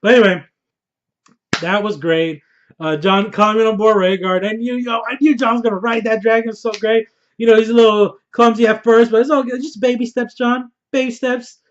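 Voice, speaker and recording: A young man with a high voice talks through a TV episode, hyped and slangy, swearing freely as he reacts. The recording is dull and lo-fi. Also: fairly even intonation, normal speed, slight background noise. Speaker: TV episode reviewer. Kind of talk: casual excited review.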